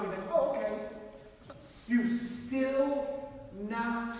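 High-voiced preacher in echoey hall. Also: male voice, normal speed, slight background noise. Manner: animated, acts out dialogue, rising and dropping volume. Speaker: pastor. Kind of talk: sermon. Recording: echoey hall, mic from far off.

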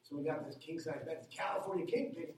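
A middle-aged man, a pastor, preaching a sermon with a lively personal story, his voice climbing when he gets excited. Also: fast talker, far from the mic, slight background noise. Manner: animated storytelling, jumps higher when excited. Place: church hall. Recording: echoey hall, heard from afar.

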